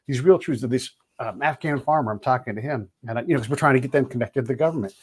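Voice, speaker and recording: A man's voice: mid-range voice, quick pace, darkish tone, husky. A man hosting a podcast who talks in a blunt, casual way, swears freely and acts out the people he quotes. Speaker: podcast host.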